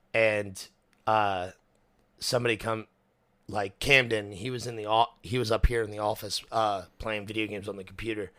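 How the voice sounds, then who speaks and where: A young man hosting a casual podcast chat, animated, with lots of fillers, restarts and swearing. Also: on the low side, no room sound. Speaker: podcast host.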